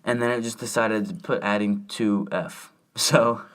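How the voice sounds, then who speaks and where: A man's voice: on the low side, steady tone, measured pace, fairly bright tone. Laid-back young man co-hosting. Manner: laid-back, joking interjections. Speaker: podcast co-host. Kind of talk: casual chat.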